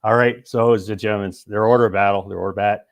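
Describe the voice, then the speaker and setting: A man's voice: on the low side, fairly even intonation, fast talker, creaky, highs cut off. A man, a military historian and urban operations instructor, giving a detailed, explanatory presentation as a guest to the show's host.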